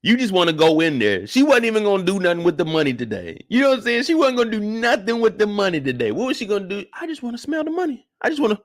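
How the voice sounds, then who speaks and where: A young man hosting a casual live after-show, talking in loose slang and acting out reactions with sudden loud outbursts. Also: sits high, big pitch swings, quick pace, hardly any pauses. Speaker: host.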